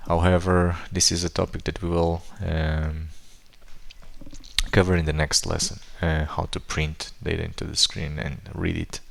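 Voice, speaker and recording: A man with a low, gravelly voice teaches programming in a screen-recorded tutorial. His tone is bright and forceful despite the depth. He thinks aloud, pausing on fillers and restarting words as he types. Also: level tone.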